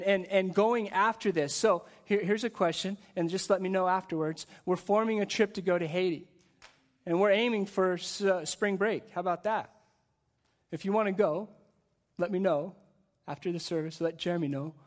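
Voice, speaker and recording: A guest pastor delivers a sermon at a church service, his voice a little high for a man. He speaks at a moderate pace with energy and a chatty, conversational pull, often repeating words as he builds his point.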